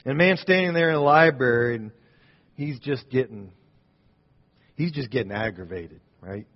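A man preaching a sermon, telling a story as he builds to loud points and drops to quiet ones. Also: mid-range voice, expressive, moderate pace. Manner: storytelling, rising and falling in volume. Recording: dull sound in a reverberant hall.

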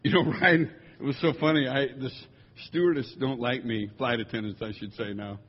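A man, a musician, telling humorous stories to a congregation in an animated, jokey way, slipping into quick impressions. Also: mid-range voice, slightly rough. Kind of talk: humorous storytelling talk. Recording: dull lo-fi sound in a large reverberant hall.

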